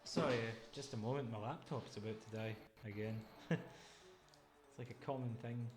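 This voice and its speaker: A man casually commenting on his own game playthrough, chatty and thinking out loud about each move. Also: mid-range voice, normal speed. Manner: chatty, thinks aloud over choices. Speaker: gaming channel host. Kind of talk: casual let's-play commentary. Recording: game music underneath. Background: game music.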